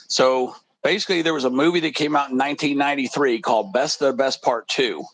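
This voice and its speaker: A man's voice: medium pitch, a bit bright, dry recording, low-quality recording. A man co-commenting a football game in casual chat, telling stories in a rambling, laid-back way.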